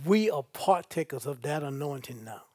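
A man's voice: a little high, expressive, normal speed, slightly rough, no echo, studio quality. A male pastor, preaching a sermon and reading scripture aloud with asides to the congregation.

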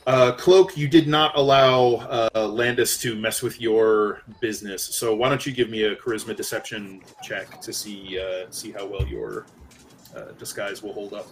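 A man's voice: fairly low pitch, moderate pace, soft background music. Young guy running a tabletop game, chill, keeps saying uh. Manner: relaxed, filler-heavy narration with frequent "uh". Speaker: game master.

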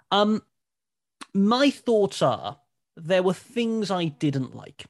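An upbeat, opinionated man co-hosting a casual talk show. His voice sits a little on the higher side. He sounds keen and lively. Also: slow. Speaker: co-host of a wrestling talk show. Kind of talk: casual chat, reading listener messages.

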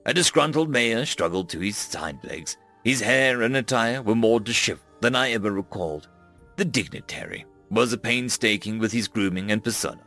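A man narrating a first-person science-fiction story with dramatic, expressive delivery. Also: lowish voice, normal speed, faint music behind.

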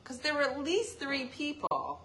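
A woman's voice: high voice, sing-song, moderate pace, sharp tone. A woman hosting a casual live stream, joking and teasing as she answers viewer comments. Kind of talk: casual chat.

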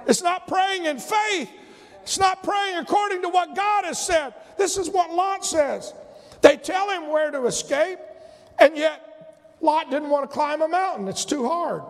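Very high, gravelly-voiced male preacher. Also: measured pace, big-room sound. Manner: animated, bursts into loud emphatic shouts; acts out whiny prayers in a mocking voice. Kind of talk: sermon.

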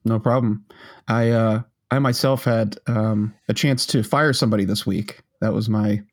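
A man's voice: lowish voice, fairly even intonation, normal speed. A man co-hosting a casual podcast chat, rambling with many restarts and frequent laughter. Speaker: podcast co-host.

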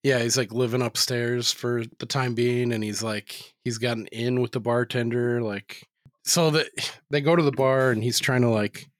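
A man's voice: mid-range voice, fairly even intonation, normal speed, no echo, clean studio sound. A man talking loosely in a casual podcast chat, rambling with lots of "like" and swearing freely.

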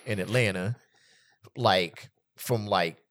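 A man's voice: lowish voice, slow pace. A man, around his thirties, telling funny travel stories in a casual podcast chat, often laughing. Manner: animated, laughing storyteller. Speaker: podcast co-host.

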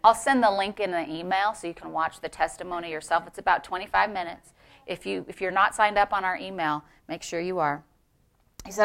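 Bright-voiced woman pastor preaching. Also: medium pitch, brisk. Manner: emphatic preaching, building to shouts; asks the congregation for responses. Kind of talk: sermon.

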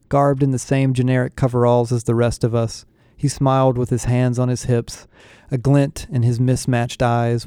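A male narrator reads a story aloud with a wry, storytelling touch. His voice is mellow and warm, recorded dry and close with no room sound. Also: medium pitch, clear, resonant tone, no echo. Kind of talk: audiobook narration.

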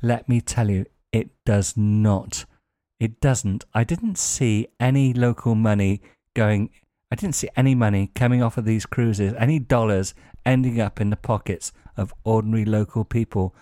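A man with a lowish, mellow voice tells wry anecdotes, chuckling dryly now and then. The sound is dry and close, with soft guitar in the background. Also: dry recording. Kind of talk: anecdotal monologue.

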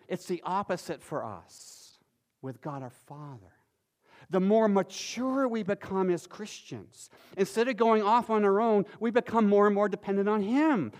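A middle-aged man preaching a sermon as pastor, swinging between loud emphatic lines and soft, quiet ones. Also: sits high. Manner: animated, shifting from loud emphasis to soft near-whispers.

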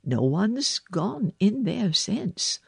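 A woman reading aloud and voicing a cheerful young housemaid who talks briskly and matter-of-factly. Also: medium pitch, very animated, vocal fry, husky, dry recording, clean studio sound, pitched above the performer's own voice, exaggerated voice. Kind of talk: storybook reading.

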